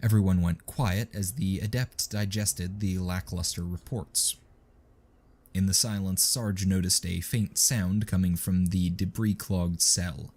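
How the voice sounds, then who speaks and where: Low-voiced man reading a story. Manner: steady, measured reading. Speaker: narrator. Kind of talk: scripted narration.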